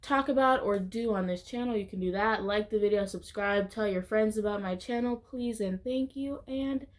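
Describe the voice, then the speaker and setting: A woman's voice: medium pitch, moderate pace. A woman talks to her viewers in a loose, casual vlog. She rambles and circles back on herself, leaning on "like" in almost every phrase. Her voice sits in an ordinary middle range. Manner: rambling, heavy use of "like" fillers. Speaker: YouTuber.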